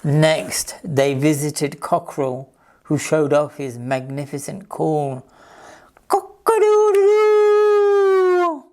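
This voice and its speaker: Slow, low-voiced woman reading a children's story. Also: little pitch movement. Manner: slow, gentle, clear read-aloud. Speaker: library storyteller.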